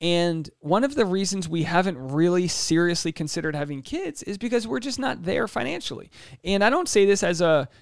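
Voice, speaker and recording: A man's voice: high voice, lively intonation, gravelly, no room sound, studio quality. A man in his mid-thirties hosting a solo podcast, reading listener questions aloud and giving casual, joking advice. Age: 30s. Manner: casual, jokey advice with quick asides. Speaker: podcast host. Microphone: podcast mic in a home studio.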